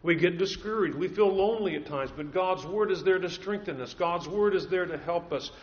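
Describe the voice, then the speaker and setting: An earnest male preacher delivering a sermon, driving points home by repeating key phrases. His voice sits a little high for a man. The recording is dull and lo-fi. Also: fairly quick. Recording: dull lo-fi sound.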